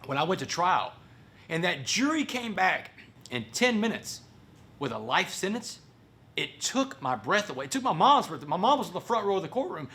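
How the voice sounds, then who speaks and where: A man's voice: sits high, very animated, moderate pace, bright, forceful tone. A man, a motivational speaker dramatically telling his own story to an audience and acting out other people's voices. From Port Arthur, Texas. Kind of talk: personal story told to an audience.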